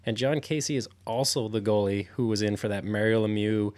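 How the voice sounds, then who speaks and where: A man's voice: lowish voice, brisk, darkish tone. A man co-hosting a podcast, rattling off hockey trivia in a dry, precise way. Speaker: podcast co-host. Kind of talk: casual live podcast banter.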